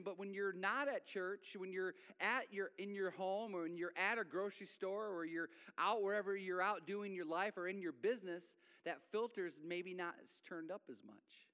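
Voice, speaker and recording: A man delivers a sermon in a high, bright voice, talking like he's chatting with the congregation and slipping into little acted-out scenes. His words ring out through a large hall with a long reverb tail. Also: normal speed, hardly any pauses, smooth. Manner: conversational preaching, acts out little scenes. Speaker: pastor.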